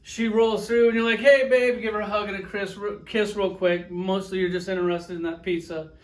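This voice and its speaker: A man's voice: sits high, little pitch movement, moderate pace. A man reviewing collectible action figures in a casual vlog, sarcastic and profane, spinning little stories with acted-out quotes. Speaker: toy reviewer.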